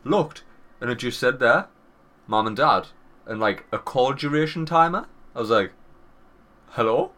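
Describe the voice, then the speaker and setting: Northern English man in his thirties, bright voice, lively swearing storyteller, podcast co-host. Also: mid-range voice, a little slow, pauses often. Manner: swearing, animated anecdote with quoted voices. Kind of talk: casual storytelling chat.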